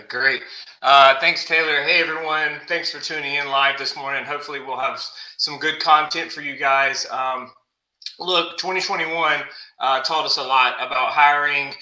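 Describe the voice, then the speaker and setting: Man, very bright voice, echoey room, measured, businesslike guest. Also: fairly high pitch, steady tone. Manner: measured, businesslike, many fillers. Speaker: guest, consulting firm co-founder. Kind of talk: live web show interview.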